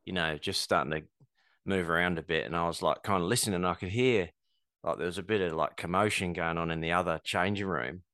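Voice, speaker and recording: A man's voice: sits low, a little fast, sharp tone, no room sound, studio quality. A man, a podcast co-host and fighter, rambling casually through a story with many filler words.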